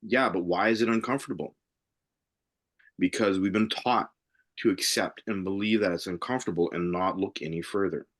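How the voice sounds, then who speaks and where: Earnest, emphatic man, lowish voice. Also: normal speed, fairly bright tone. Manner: earnest and emphatic, driving points home. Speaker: spiritual workshop co-host. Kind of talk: live Q&A discussion.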